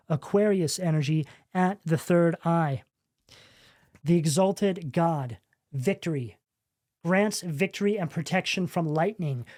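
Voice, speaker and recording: A man's voice: on the high side, a little mellow, no echo, clean studio sound. A man giving a tarot reading in a preachy, emphatic way, often asking "right?". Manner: preachy, emphatic, rhetorical questions. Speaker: tarot reader.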